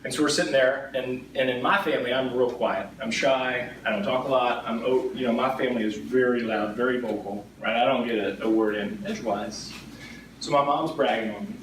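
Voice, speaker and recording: A man's voice: medium pitch, fairly even intonation, brisk, a bit bright. Man telling stories in an echoey room. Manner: conversational, frequently adds "right?" tag questions. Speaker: insurance agent speaking as a guest. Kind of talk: storytelling talk to an audience. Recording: echoey room, distant mic, background noise.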